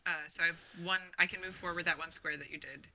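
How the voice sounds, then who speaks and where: A player chatting through a tabletop session, fumbling and trailing off mid-thought. The voice sits at an ordinary pitch, and the mic sounds dull and lo-fi. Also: fairly even intonation, fast, sharp tone, slight background noise. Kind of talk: playing a tabletop game over voice chat.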